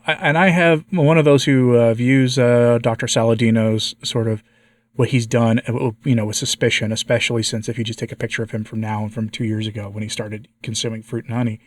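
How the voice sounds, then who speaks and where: Congested hoarse guy vlogging, frustrated, asking viewers for help, dry close sound. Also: medium pitch, little pitch movement, a little fast, dry recording. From United States. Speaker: vlogger, channel host. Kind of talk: casual personal update to viewers.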